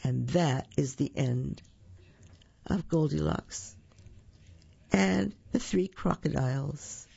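Slow, gravelly storytime reader. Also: mid-range voice, mellow, no echo, dull audio. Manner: slow, drawn-out storytelling with sound effects. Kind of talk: reading a children's picture book aloud.

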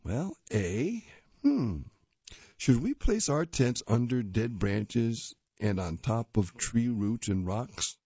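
A man's voice: mid-range voice, sing-song, slow, dark tone, breathy edge, no echo, lo-fi sound. A man reading children's comic strips aloud in a playful, jokey way, doing voices for the characters.

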